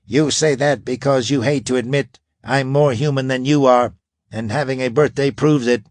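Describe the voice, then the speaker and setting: A man voicing a huge, loyal robot man with a booming voice in an audiobook. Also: steady tone, moderate pace, no room sound, clean studio sound, close to an everyday voice. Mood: eager. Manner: booming, indignant. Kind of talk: audiobook character voice.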